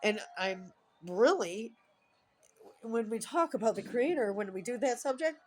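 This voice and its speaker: A woman's voice: fairly high pitch, lively intonation, measured pace, slight background noise, low-quality recording. A woman in her fifties talking alone at home in a rambling, emotional personal vlog. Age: 50s. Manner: emotional, rambling, tearful at times. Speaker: vlogger.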